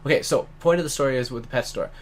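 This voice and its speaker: A man's voice: medium pitch, rapid-fire. A man co-hosting a let's play, telling a rambling story in casual chat, swearing and laughing often.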